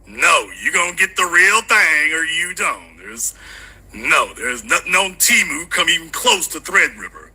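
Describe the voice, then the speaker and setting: Man, livestream host, husky bright voice, high pitch, teasing rants. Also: very animated, unhurried, poor audio. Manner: loud, teasing, comedic rants. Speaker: livestream call-in show host. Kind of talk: casual live-stream chat.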